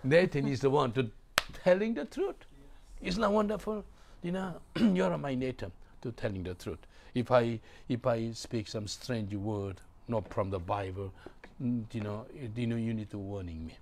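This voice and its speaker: A man preaching a sermon in a church hall, speaking non-native English with broken grammar. His voice sits at an everyday middle pitch. He is emphatic, repeats key words and draws answers from the congregation. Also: moderate pace, darkish tone. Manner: emphatic, repeats phrases, asks the congregation to respond.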